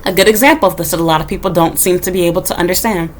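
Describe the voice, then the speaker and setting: A woman's voice: on the low side, very fast, slight background noise. Casting: woman vlogger, blunt and profane, ranting straight to camera. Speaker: YouTuber. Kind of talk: casual rant to camera. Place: home in Japan.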